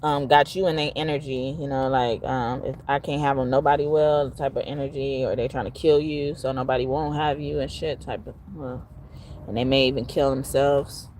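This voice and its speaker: Low-voiced blunt woman tarot reader. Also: steady tone, normal speed, a little mellow, a little hiss or hum. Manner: blunt and profane, chatty with frequent laughs. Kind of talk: casual live tarot reading.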